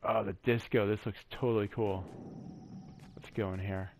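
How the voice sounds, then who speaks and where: A man's voice: lowish voice, level tone, normal speed, slight background noise. A man giving easygoing, chatty commentary while exploring a video game map alone, cracking corny jokes as he goes. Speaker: gaming channel host. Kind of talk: solo gameplay commentary.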